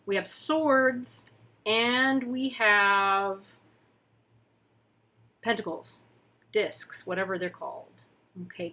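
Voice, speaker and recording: A woman's voice: mid-range voice, fairly bright tone. A woman doing a casual tarot reading on camera, chatty and playful, thinking aloud with asides as she explains. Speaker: tarot reader. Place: at a table with camera.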